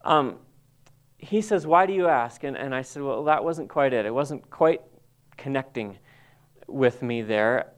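A middle-aged man telling a halting, emotional personal testimony to a group, full of restarts and pauses. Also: mid-range voice, expressive, clean tone. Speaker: Bible college staff member.

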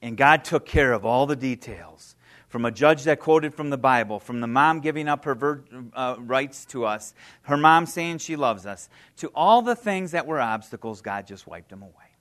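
Fifties male guest speaker, mid-pitched, heartfelt plainspoken testimony. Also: animated, moderate pace, a bit bright. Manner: earnest, heartfelt storytelling, emotional; plain conversational phrasing with fillers. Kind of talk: personal testimony speech.

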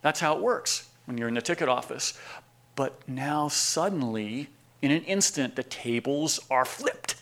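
A man, preaching a sermon and telling a story, moving between hushed asides and emphatic lines. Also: mid-range voice, a little slow. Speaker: pastor.

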